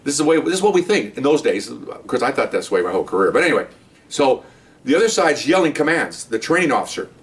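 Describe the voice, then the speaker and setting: An older man, a retired police officer, telling a rambling story in casual talk, acting out the shouted commands. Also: medium pitch, very animated, fast talker, recorded from a distance.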